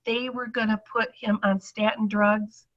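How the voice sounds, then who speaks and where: A woman's voice: mid-range voice, flat delivery, measured pace, lo-fi sound. A middle-aged woman giving a chatty personal testimonial to an audience, acting out the voices she quotes.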